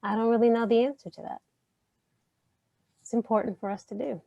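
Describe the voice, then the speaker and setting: A woman presenter on an online panel who speaks reflectively to the audience, gently probing with rhetorical questions. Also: fairly high pitch, steady tone, brisk, vocal fry, no room sound, muffled recording. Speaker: panel presenter, counselor educator.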